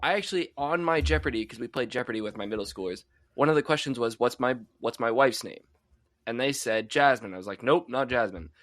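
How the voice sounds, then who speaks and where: A man's voice: medium pitch, lively intonation, fast, fairly bright tone. Playful young man, mock-dramatic teasing. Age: 20s. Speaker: podcast co-host. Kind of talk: casual chat.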